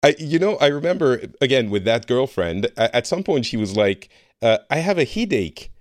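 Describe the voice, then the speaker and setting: A man's voice: medium pitch, expressive, normal speed, no echo, studio quality. A French man hosting a podcast, chatting casually with a guest, laughing often and teasing himself. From France. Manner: chatty, laughing, self-deprecating. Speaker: podcast host. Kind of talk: casual chat.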